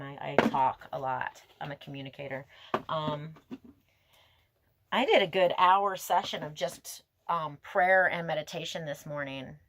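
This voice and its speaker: A woman giving a tarot reading to her viewers, talking in a gentle, emotive, spiritual way that wanders from thought to thought. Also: lowish voice, no room sound. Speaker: tarot reader.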